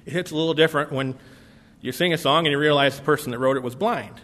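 A man's voice: on the high side, quick pace. Man preaching with rising rhetorical questions. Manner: rhetorical questions, swells louder then drops soft; frequent filler "uh" and restarts. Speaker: pastor. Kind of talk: sermon.

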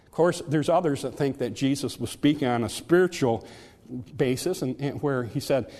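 A man's voice: mid-range voice, normal speed, a little mellow, big-room sound. A man preaching a sermon in an earnest, conversational way, often restarting his words.

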